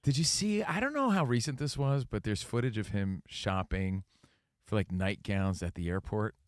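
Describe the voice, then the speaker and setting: A man co-hosting sports talk radio with a lively, swinging delivery. He riffs and jokes through casual banter, and his voice sits dry and close with no room sound. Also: on the low side, no room sound. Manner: joking, quick to riff. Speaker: co-host of a sports talk show.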